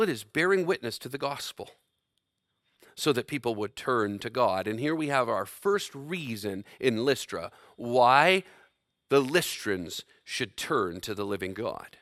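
Male preacher, bright and forceful tone, dry close sound, dynamic sermon delivery with big swings in volume. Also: medium pitch, no echo. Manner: dynamic delivery, swinging from loud emphasis to quiet.

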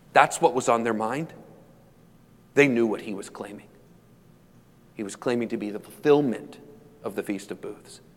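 Male pastor, mid-pitched voice, dynamic sermon delivery, long reverb. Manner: dynamic preaching, building from hushed to loud emphatic peaks.

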